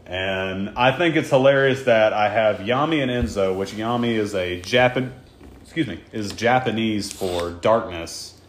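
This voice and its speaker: Man, low voice, wry rambling podcast guest, roomy room with faint hiss. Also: a little slow. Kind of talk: casual chat.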